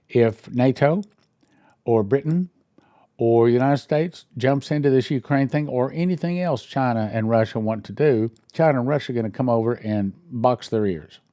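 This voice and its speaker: Gravelly man reading news with wry asides. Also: medium pitch, a little mellow, dry recording, studio quality. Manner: thinks aloud with restarts and questions. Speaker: church minister commenting on news. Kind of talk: reading headlines with commentary.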